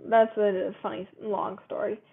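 A woman's voice: medium pitch, flat delivery, measured pace, creaky. A woman co-hosting a casual quiz chat, reading questions aloud and laughing often. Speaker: co-host. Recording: tinny phone-like sound.

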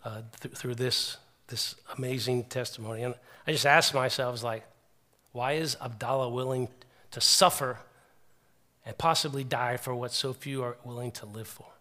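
Earnest and animated, a middle-aged man preaches at a moderate pace in a medium-pitched voice. As he retells stories, he often restarts.

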